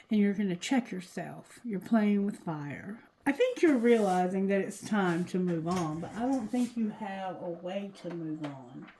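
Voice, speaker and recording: A woman giving a casual tarot reading to her viewers, talking loosely and cursing, going quieter when she asks the cards. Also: mid-range voice, noisy background. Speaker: tarot reader.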